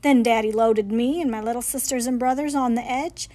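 A woman reading a picture book aloud at library storytime, with expressive, playful storytelling. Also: on the high side, fairly quick.

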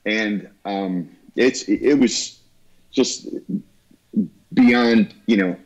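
A man, a guest musician, talking earnestly and haltingly about a lost friend in an interview. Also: lowish voice, lo-fi sound. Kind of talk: heartfelt interview talk.

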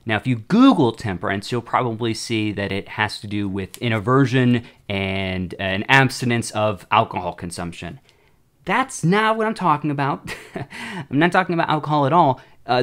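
Young male host, lively pitch, self-deprecating, loose and chatty. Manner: rambling, self-deprecating, trips over words. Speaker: show host. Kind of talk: casual talk on a book.

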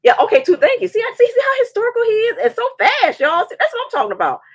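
A woman in her forties hosting a live show, chatting and telling a story in a lively way, often restarting her sentences. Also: very high voice, quick pace, no echo. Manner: animated, repeats words as she restarts, acts out quoted voices. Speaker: show host. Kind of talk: casual livestream chat and storytelling.

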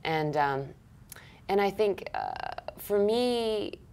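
A Canadian actress chats casually in an interview, her speech full of "like" fillers and self-deprecating asides. Her mid-range voice is expressive and darkish in tone, and she takes it slowly.

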